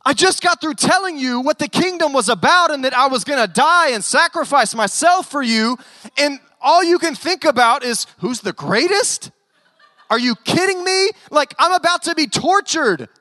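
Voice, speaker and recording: A man's voice: extremely high pitch, animated, normal speed, pushed and bright, no echo, voice pushed up, heavily acted. A man doing an exasperated, fed-up Jesus. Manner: incredulous, ranting.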